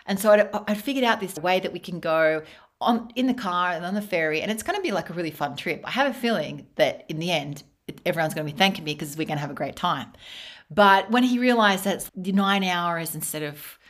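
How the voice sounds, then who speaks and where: A woman's voice: on the low side, expressive, a little fast. A young adult woman hosting a podcast, telling a story in a casual, chatty way and laughing often. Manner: laughs often, tells stories with restarts. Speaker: podcast host. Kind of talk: casual interview chat.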